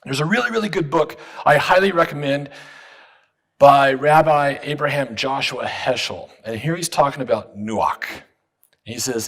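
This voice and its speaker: A man's voice: mid-range voice, normal speed, a bit bright. A man preaching a sermon as a guest pastor in a church, teaching with questions and having the congregation repeat after him. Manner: teaching, leads the congregation in call-and-response. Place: church sanctuary.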